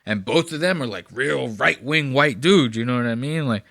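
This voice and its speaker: Bright-voiced man, profane casual commentary. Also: medium pitch, normal speed, vocal fry, no echo, studio quality. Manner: profane, blunt, chatty. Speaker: commentator reacting to clips.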